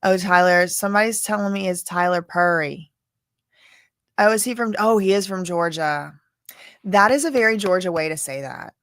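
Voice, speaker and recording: On her casual live stream covering court cases, a woman from Louisiana speaks directly to her audience, chatty and meandering. Her voice is mid-range and a bit bright, at a moderate pace, in clean studio sound without echo.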